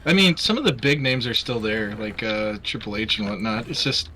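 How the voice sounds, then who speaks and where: Bright-voiced man ranting casually, swearing. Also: fairly low pitch, moderate pace. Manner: rambling, swears, heated about wrestling. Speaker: charity stream host. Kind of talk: casual chat while gaming.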